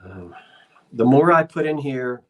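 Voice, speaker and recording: With lively intonation and an unhurried, mid-range voice, a host sells on a live stream from indoors in a shop. They ramble and chat casually with self-deprecating humor, reading viewer comments aloud and counting down the bids.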